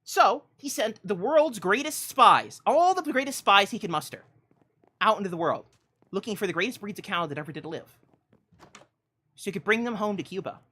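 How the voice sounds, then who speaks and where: Theatrical, animated woman streamer storyteller. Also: medium pitch, moderate pace, slightly rough. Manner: theatrical, swings between loud declarations and hushed asides, laughs often. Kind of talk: mock-epic storytelling on a game livestream.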